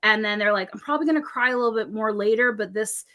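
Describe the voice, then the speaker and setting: A woman telling stories in a relaxed podcast conversation, acting out what people said and laughing often. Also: medium pitch, fast, highs cut off. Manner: animated, acts out quoted dialogue, laughs often. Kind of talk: casual conversational storytelling.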